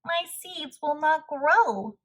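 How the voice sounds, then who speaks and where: An impatient male toad from a storybook shouts and frets in a raised, drawn-out voice, as a woman reading aloud acts him out. He sounds higher than an everyday speaker and stretches his words slowly. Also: expressive, exaggerated voice. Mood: fretful. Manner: loud, shouting.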